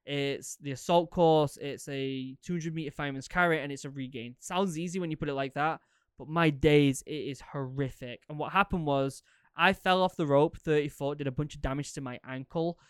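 A man in his thirties, a podcast host, telling stories casually in a rambling, animated way with many fillers and repeats. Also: a little high, normal speed, clean tone, no echo, clean studio sound. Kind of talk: casual storytelling, answering listener questions.

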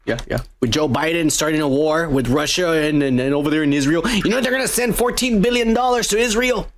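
Gravelly, swearing podcast man. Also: a little high, a little fast. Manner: crude, rambling, swears often. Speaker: podcast co-host. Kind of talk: casual profane chat reading comments.

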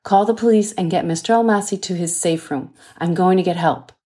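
A woman's voice: lowish voice, a little fast, mellow, close to an everyday voice. A woman voicing a stabbed male nurse giving tense, urgent instructions, in an audiobook.

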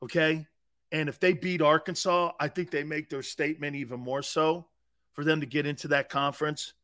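A man's voice: on the high side, fairly even intonation, normal speed, pushed and bright. A man hosting a sports talk show, brash and boisterous, laughing often as he riffs.

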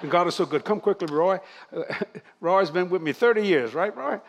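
A man's voice: sits high, expressive, normal speed, slight background noise. An older man preaching to a congregation, joking and laughing as he goes. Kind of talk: church sermon.

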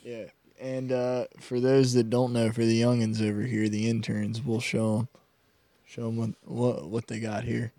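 A man's voice: mid-range voice, little pitch movement, moderate pace, mellow, no echo. A man co-hosting a casual podcast chat, rambling enthusiastically about classic cars. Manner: rambling, enthusiastic car talk. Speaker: podcast co-host.

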